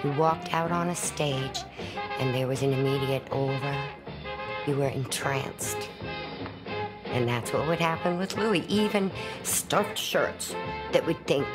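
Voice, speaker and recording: Deep-voiced woman, emphatic. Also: slow, over loud music. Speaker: documentary interviewee. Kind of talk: reminiscing interview.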